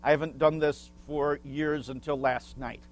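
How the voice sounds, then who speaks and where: Slow, higher-voiced male pastor preaching. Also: flat delivery. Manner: asks the congregation questions and pauses for answers; explanatory teaching tone with small asides. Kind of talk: sermon.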